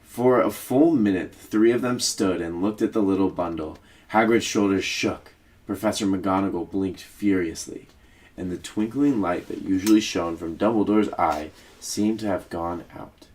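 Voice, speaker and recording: A man, a teacher, reading a children's book aloud in a steady, measured storytelling voice. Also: sits low.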